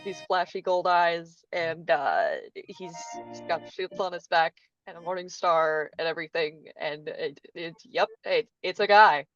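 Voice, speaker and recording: Slow, halting woman player on a dull mic. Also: lowish voice, fairly bright tone, soft background music. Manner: hesitant, giggly, lots of fillers. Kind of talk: describing a character in a tabletop game.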